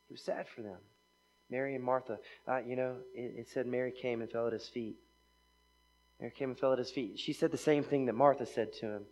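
A man's voice: medium pitch, steady tone, a little fast, a little mellow, muffled recording. A man preaching a sermon in a conversational way, often checking in with "right?" and reading passages aloud.

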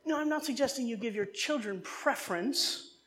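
A woman from New Jersey gives a sermon in a chatty, animated way. She wanders into humorous side stories and then finds her way back to the text. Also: on the high side, normal speed, slight background noise. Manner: animated, conversational, digressive with humor. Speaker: preacher.

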